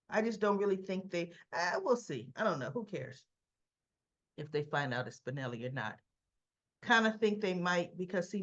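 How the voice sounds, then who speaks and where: A woman's voice: lowish voice, muffled recording. A woman casually recapping and commenting on soap opera episodes, retelling scenes with quoted lines.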